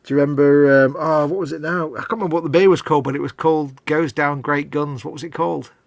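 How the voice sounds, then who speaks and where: A man's voice: fairly high pitch, steady tone, fast talker, creaky, no echo. A man, co-hosting a casual livestream and reading out viewer comments. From northern England. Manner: chatty, reads out viewer comments. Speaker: co-host of a livestream. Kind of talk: casual chat.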